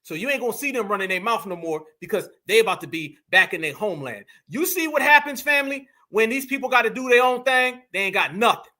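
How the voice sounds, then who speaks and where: A man's voice: high voice, animated, fast talker, few pauses, pushed and bright. A man hosting heated reaction commentary, mocking and emphatic, talking straight to his viewers. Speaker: commentary host.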